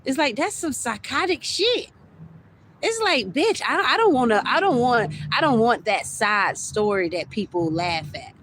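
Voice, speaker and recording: A woman's voice: on the high side, big pitch swings, measured pace, a bit bright, slight background noise. A young adult woman ranting on a livestream, heated and repetitive, stumbling over her words as she circles back to the same complaints. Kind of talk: livestream rant.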